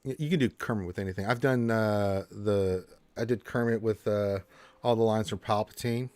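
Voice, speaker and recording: A man's voice: fairly low pitch, moderate pace, a little mellow, no echo. A man hosting a casual gaming live stream, joking and rambling with lots of restarts into a close mic.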